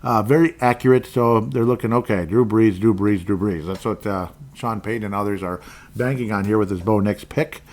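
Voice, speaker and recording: Brisk and a little mellow, with a lowish pitch, this man from Minnesota runs a podcast full of rambling sports talk. Tangents come often, and he says exactly what he thinks.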